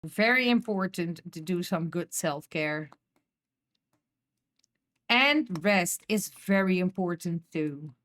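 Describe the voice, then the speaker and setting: A woman's voice: on the low side, expressive, slow pace, pauses often, a bit bright. A woman with a Dutch accent chatting casually with viewers on a live stream, laughing often and repeating herself as she talks.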